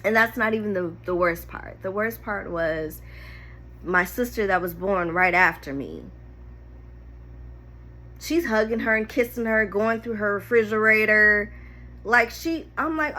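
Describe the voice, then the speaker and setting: A woman's voice: mid-range voice, unhurried. A young woman candidly telling an emotional personal story to camera, holding back tears at times. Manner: emotional, candid, animated retelling. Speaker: storyteller vlogger.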